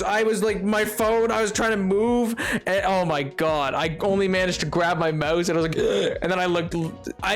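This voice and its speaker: A man streaming a game, chatting casually into a desk microphone, excitable, laughing often and bursting into exclamations. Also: high voice. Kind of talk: casual gaming livestream chat.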